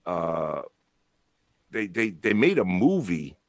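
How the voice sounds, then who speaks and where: A man's voice: low voice, very animated, takes it slowly, no room sound, clean studio sound. A middle-aged man hosting a casual chat, rambling and laughing, often restarting his sentences. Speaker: podcast host. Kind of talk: casual bar-style chat.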